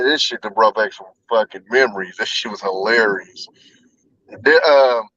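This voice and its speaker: A man's voice: medium pitch, a bit bright, no room sound. A man hosting a casual podcast, telling rowdy, profane stories with a "bro" in nearly every sentence. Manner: profane, rowdy storytelling, says "bro" constantly. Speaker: podcast host. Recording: dull, dry lo-fi sound.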